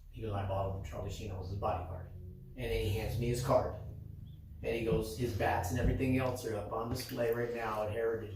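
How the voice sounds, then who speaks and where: A man who runs a sports card shop and hosts the show, telling a story in a casual way and acting out the other person's lines. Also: medium pitch. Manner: animated, acts out quoted dialogue. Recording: very echoey room, distant mic, faint noise.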